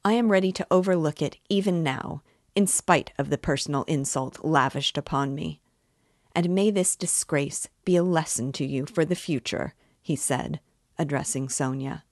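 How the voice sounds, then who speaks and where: A man's voice: fairly high pitch, normal speed, dry recording, studio quality, close to an everyday voice. A woman reading aloud as a pompous man who stammers, squeals and answers impudently when accused. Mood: self-righteous. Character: pompous, cornered middle-aged man, sneering.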